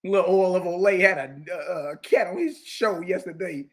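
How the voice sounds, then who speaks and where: A man's voice: sits high, moderate pace. A middle-aged man giving a fiery scripture lesson as a religious teacher, preachy and mocking, confrontational toward his critics.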